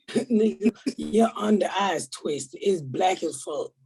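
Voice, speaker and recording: Profane husky older woman host. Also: on the low side, animated, takes it slowly. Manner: loud, profane, heated storytelling. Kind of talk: casual comedic podcast banter.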